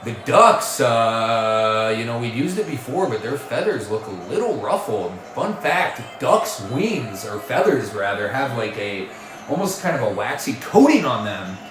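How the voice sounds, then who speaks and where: A man doing jokey mock sports play-by-play commentary, full of puns and quick self-corrections. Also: medium pitch, very animated, roomy sound, noisy background.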